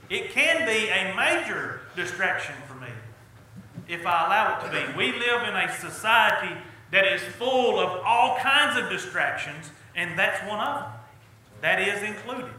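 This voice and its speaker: Middle-aged pastor, earnest and folksy, very bright ringing tone, heavy hall echo. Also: male voice, very high voice. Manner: folksy, earnest preaching with rising emphasis. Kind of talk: sermon. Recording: echoey church hall.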